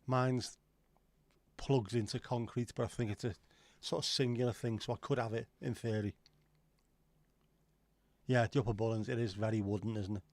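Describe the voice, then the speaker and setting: A man's voice: medium pitch, fairly even intonation, moderate pace, darkish tone, no echo. Rambling middle-aged man, livestream host. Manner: rambling, sweary, reads out chat comments. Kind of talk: casual livestream chat.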